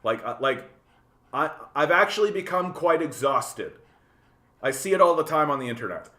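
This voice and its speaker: A man hosting a casual livestream, ranting in an animated, profane way, often repeating words as he thinks and answering chat. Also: on the high side, moderate pace, roomy sound. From Canada. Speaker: livestream host reading chat.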